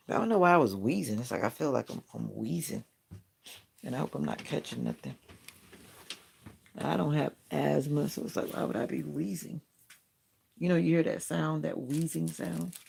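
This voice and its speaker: A man's voice: a little high, expressive, normal speed, vocal fry, long pauses, a little mellow, a little hiss or hum. A man hosting a casual morning live stream from home, rambling and chatty, often correcting himself mid-sentence. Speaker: live stream host and content creator. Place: at home in the morning, near a window with bird feeders.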